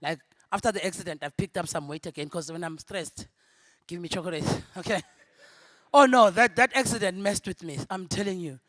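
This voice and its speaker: Young South African woman, Zulu first language, stand-up comic; lively and quick to laugh, loud punchlines and quiet asides, dry close sound. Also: lowish voice, no echo. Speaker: stand-up comedian. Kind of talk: stand-up comedy set. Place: convention ballroom.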